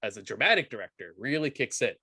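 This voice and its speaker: A man co-hosting a casual film podcast, animated and enthusiastic, full of fillers and restarts. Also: mid-range voice, quick pace, vocal fry, breathy edge, no echo, studio quality. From United States. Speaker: podcast co-host.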